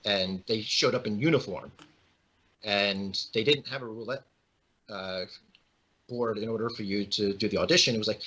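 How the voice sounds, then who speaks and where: A man's voice: on the low side, moderate pace, husky, highs cut off. A young man, a guest actor, telling casual stories and acting out the voices of the people in them. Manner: animated, acts out quoted voices. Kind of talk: casual storytelling.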